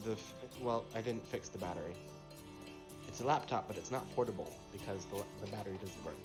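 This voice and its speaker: Man, casual voice chat, laid-back, somewhat low voice, clear music behind. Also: a little fast. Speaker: player.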